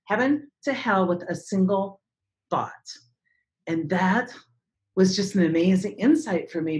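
A woman in her forties, a speaker and trainer, telling a dramatic story as an interview guest and acting out other people's voices. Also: lowish voice. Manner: animated, dramatic storyteller who acts out voices.

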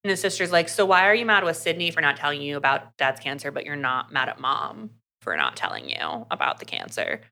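A woman with a fairly low but bright, edged voice tells a book's story in loose conversation. She keeps slipping into quick acted lines for the characters between fillers. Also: animated, gravelly. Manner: chatty, fast recap full of "like" and acted quotes. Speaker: podcast co-host. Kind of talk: casual book recap.

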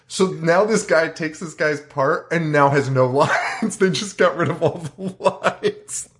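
A man co-hosting a podcast in casual chat, excitable and quick to react with disbelief. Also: on the high side. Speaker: podcast co-host.

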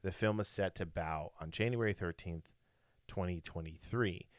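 A man's voice: low-pitched, moderate pace, no room sound, studio quality. A man co-hosting a podcast in casual chat, rambling and opinionated, with many fillers and restarts. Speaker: podcast co-host.

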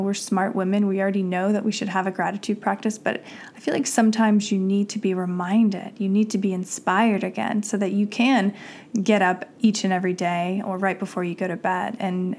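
A woman podcast host delivering an intro and sponsor reads with eager enthusiasm. Her voice has a gravelly, fry-tinged edge at an ordinary middle pitch. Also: darkish tone, slight background noise.

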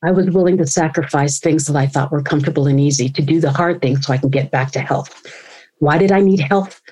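A woman in her forties speaks as a podcast guest, her voice sitting a little low. She tells her story with animation, slipping into the voices of the people she quotes. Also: a little fast, dark tone, breathy edge, rough recording. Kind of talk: storytelling interview.

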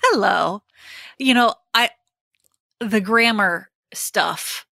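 A woman's voice: mid-range voice, expressive, takes it slowly, sharp tone, no echo. A woman co-hosting a podcast in casual chat, hesitant and self-deprecating. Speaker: podcast co-host and coach.

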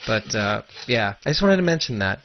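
A man co-hosting a podcast, chatting casually about a TV episode in a rambling, animated way full of restarts. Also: fairly low pitch, fairly quick, dull audio, noisy background. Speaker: podcast co-host.

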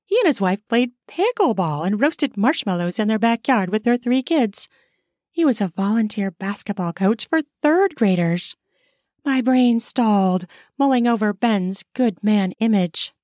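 A woman narrates an erotic story in the first person, taking her time over every phrase. Her reading is slow and intimate, and the close, dry recording has no room sound around her voice. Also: mid-range voice, animated, a little mellow, no echo. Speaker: narrator and author.

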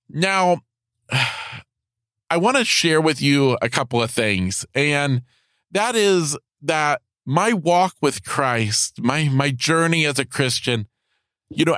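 A man hosting a podcast, telling a heartfelt personal faith testimony in a halting way, often repeating his words. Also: fairly high pitch, a bit bright, dry recording, clean studio sound. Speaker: podcast host.

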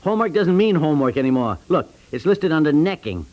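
An actor playing a fussy, easily flustered middle-aged husband in a 1950s radio comedy, sputtering and indignant. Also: male voice, on the high side, very animated, fast talker, a little mellow, rough recording.

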